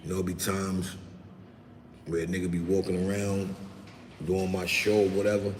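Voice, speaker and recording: A low-pitched man with a New York accent, talking casually to his livestream viewers in loose street slang. The sound is roomy, with a long echoing reverb and a faint hum of background noise. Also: monotone, moderate pace. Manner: loose, talkative street slang, reading chat aloud. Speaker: livestream host. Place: outdoors in the city, rain starting.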